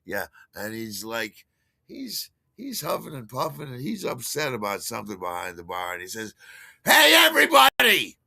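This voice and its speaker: A man's voice: fairly low pitch, big pitch swings, normal speed, vocal fry, bright, forceful tone, no echo. An older man telling a rambling personal story, full of fillers, restarts and chuckles at his own tale. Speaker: podcast host.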